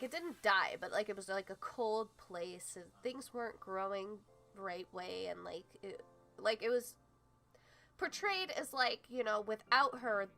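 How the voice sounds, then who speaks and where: A young woman giving casual, rambling commentary on a video game theory, thinking aloud and filling pauses with lots of likes and ums. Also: medium pitch, pushed and bright. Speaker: gaming theory YouTuber.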